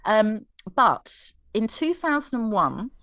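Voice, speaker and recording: A woman's voice: fairly high pitch, big pitch swings, slow pace, fairly bright tone, no echo. A young woman on a casual history chat, telling the story in a chatty way with fillers and a readiness to laugh at herself.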